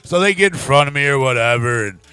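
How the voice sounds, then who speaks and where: A man's voice: medium pitch, expressive, quick pace, sharp tone, clean tone, no echo, soft background music. A man hosting a live talk show, telling a profane story in casual chat and laughing often. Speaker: podcast host.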